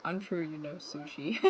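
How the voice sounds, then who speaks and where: Giggly young woman streamer, lively pitch. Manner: giggly, laughs often between lines. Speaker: game streamer. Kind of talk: casual live-stream chat, answering chat. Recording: noisy room ambience.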